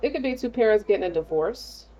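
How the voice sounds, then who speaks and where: A woman's voice: mid-range voice, animated, fast, dark tone, slight background noise, rough recording. A woman giving a casual tarot reading in a blunt, slangy, streetwise way. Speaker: tarot reader.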